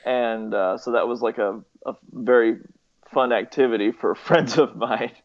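Gravelly man, relaxed chat. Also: medium pitch, normal speed. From southeastern United States. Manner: hesitant, many fillers and restarts, chuckles often. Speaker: interviewee, nurse. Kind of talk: casual chat. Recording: slightly muffled lo-fi recording.

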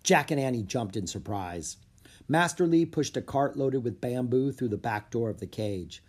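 A narrator reading a children's storybook aloud with clear, lively storytelling. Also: mid-range voice, moderate pace. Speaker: audiobook narrator.

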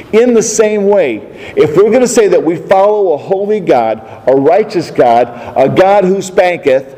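A fairly high-pitched man preaching a sermon, his voice mellow and warm. He presses his points hard with rhetorical questions to the congregation. Long reverb trails every phrase from the large hall. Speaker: pastor.

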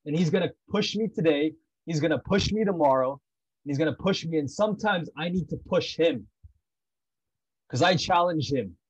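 A husky, slightly higher-pitched man talks about his faith in an intense, repetitive way. He is blunt and swears without holding back. The sound is dull and lo-fi. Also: normal speed. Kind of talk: heartfelt personal talk about prayer.

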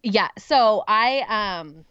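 Giggly, smooth-voiced woman cohost. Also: medium pitch, animated, drawn-out words, a bit bright, dry recording, muffled recording. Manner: giggly, rambling with many "um"s. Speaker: podcast co-host. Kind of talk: casual storytelling.

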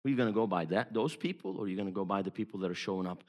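A man preaching a sermon as an evangelist, emphatic, moving between hushed storytelling and loud exhortation. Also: sits low, rapid-fire.

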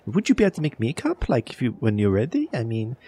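A man's voice: medium pitch, huge pitch swings, quick pace, mellow, slightly rough, exaggerated voice. A man voicing a fussy, over-polite townswoman who rambles and stumbles over her words. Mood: fussy chatty. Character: chatty fussy woman of the town.

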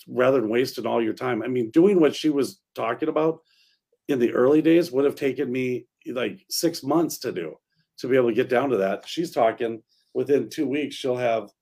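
Gravelly, husky man musing slowly. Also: mid-range voice, dark tone. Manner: halting, drawn-out, hesitant. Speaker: real estate agent, podcast co-host. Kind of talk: casual chat.

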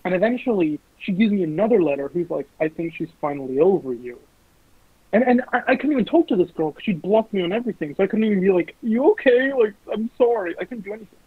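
A young adult male guest with a slightly higher, husky, a little rough voice tells lively, casual anecdotes full of swearing and quick impressions of quoted voices. The lo-fi recording sounds dry and narrow, like a phone line, with no echo.

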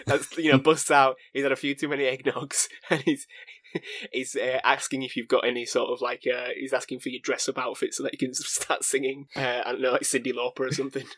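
A man's voice: medium pitch, level tone, fairly quick, a bit bright, no echo. A man co-hosts a film podcast, rambling into jokey tangents. His voice sits mid-range and sounds dry and close. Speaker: podcast co-host. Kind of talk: casual film podcast chat.

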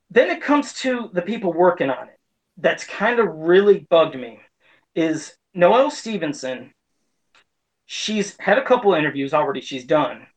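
A man's voice: fairly high pitch, poor audio. Man ranting with heated frustration. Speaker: pop culture commentator. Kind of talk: casual opinion rant.

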